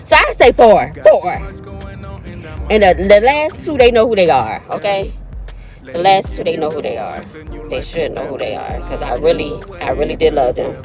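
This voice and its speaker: A woman's voice: low-pitched, very animated, moderate pace, music in the background. A woman in her thirties with a cold, telling a personal story to her viewers in a casual, chatty way and calling them y'all and honey. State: has a cold. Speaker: vlogger.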